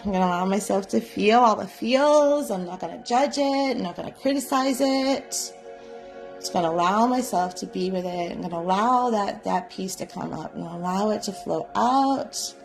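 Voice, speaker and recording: A woman teaching a live psychic development class, guiding listeners gently and often checking in with "right?". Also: mid-range voice, expressive, moderate pace, gravelly, soft background music. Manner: gentle, coaxing, repeats "right?". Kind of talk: guided live class instruction.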